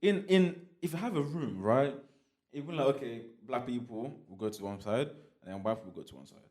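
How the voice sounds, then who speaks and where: Animated man chatting as podcast host. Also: medium pitch, fairly quick. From Nigeria (Igbo heritage). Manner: animated, explains by examples, repeats "you get what I'm saying". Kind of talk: casual conversation.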